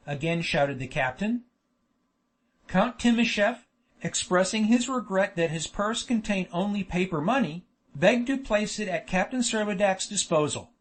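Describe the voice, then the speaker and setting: A man narrating a novel as an audiobook, in a measured, expressive storytelling manner. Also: sits high. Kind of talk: scripted narration.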